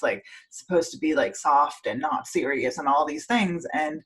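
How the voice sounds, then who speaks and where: Earnest woman podcast host, slightly low voice, emotional and repetitive delivery. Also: low-quality recording. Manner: earnest, emotional, repeats phrases. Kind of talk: casual conversation.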